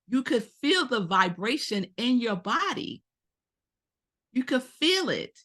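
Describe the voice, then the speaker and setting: A woman in her forties, a minister giving a Sunday sermon, telling stories and speaking directly to her congregation. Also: mid-range voice. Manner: animated storytelling, addresses congregation directly. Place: spiritual center service.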